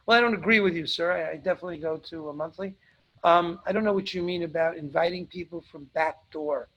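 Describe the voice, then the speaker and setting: A man's voice: fairly high pitch, fast talker, bright, forceful tone, poor audio. A man hosting a live webinar, answering audience questions in a blunt, emphatic way and repeating points for stress.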